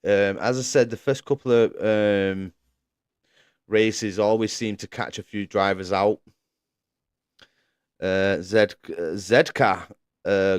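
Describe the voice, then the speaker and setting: A man's voice: low-pitched, steady tone, a little slow, clean tone, dry recording, clean studio sound. A man commentating a sim racing league live stream, chatting casually, laughing often and reading out viewers' messages.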